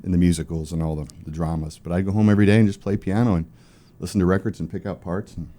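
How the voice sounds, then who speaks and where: A middle-aged man, a songwriter guest in an interview, telling animated stories and acting out the people in them. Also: sits low, fast talker. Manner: animated storyteller, quotes people in character. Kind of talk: storytelling interview.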